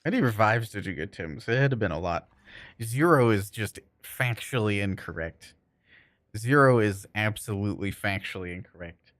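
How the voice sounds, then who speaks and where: A man's voice: fairly low pitch, lively intonation, moderate pace, a bit bright, no room sound. A man streaming a game, chatting casually with viewers in a laid-back, joking way and chuckling often. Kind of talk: casual chat while playing and reading chat.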